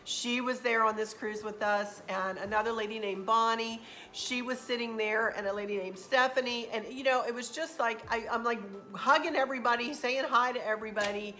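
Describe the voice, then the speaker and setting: A woman's voice: on the high side, steady tone, fairly quick, hardly any pauses, pushed and bright. A woman hosting a casual travel recap vlog, a chatty, rambling storyteller who gets emotional as she talks. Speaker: craft channel host.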